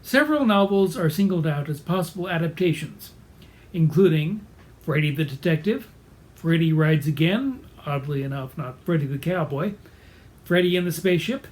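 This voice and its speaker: A man's voice: fairly high pitch, lively intonation, moderate pace. A man giving a scripted, bookish video presentation in a wry, lightly amused manner. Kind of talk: scripted video essay narration.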